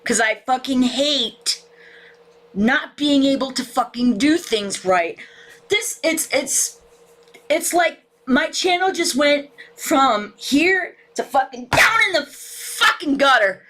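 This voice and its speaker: A woman's voice: sits high, expressive, slow, fairly bright tone. A woman hosting a casual livestream chat, frustrated and near tears, swearing constantly as she talks to viewers from a room at home. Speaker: livestream host. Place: home room with ceiling fan.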